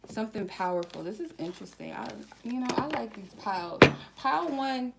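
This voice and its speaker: A woman giving a casual tarot reading to her viewers, chatty and slangy, slowly reading out card keywords one by one. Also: medium pitch, expressive, gravelly, very noisy. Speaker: tarot reader.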